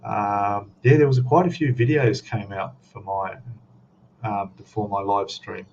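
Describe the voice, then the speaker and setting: A man's voice: lowish voice, steady tone, a little slow, a little mellow. Easygoing Australian man on a lo-fi stream. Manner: rambling, easygoing, reads chat aloud. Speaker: live stream host. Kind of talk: casual live stream chat. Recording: dull lo-fi stream audio, faint noise.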